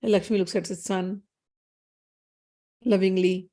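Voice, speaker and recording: A woman's voice: mid-range voice, fairly even intonation, measured pace, mellow. A woman narrating a spiritual story in a conversational, explanatory way, with frequent restarts.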